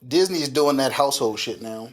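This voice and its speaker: A man of middling pitch talks on a laid-back podcast, blunt and full of slang and swearing. He rants in a loose, conversational way, tossing in quick quoted asides. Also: lively intonation. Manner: ranting, blunt slangy delivery. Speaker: podcast co-host. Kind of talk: casual profane chat.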